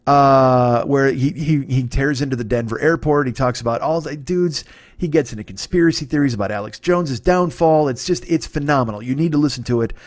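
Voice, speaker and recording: A man's voice: medium pitch, fairly quick, no echo, studio quality. A man hosting a comedy podcast, rambling and profane through a casual ad read.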